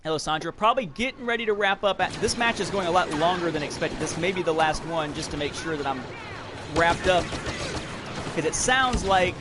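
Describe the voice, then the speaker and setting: A man in his thirties hosts a livestream podcast, rambling casually with viewers in chat while he plays a shooter game. His voice is a little high and a little fast, with background noise and loud game audio from the shooter behind him.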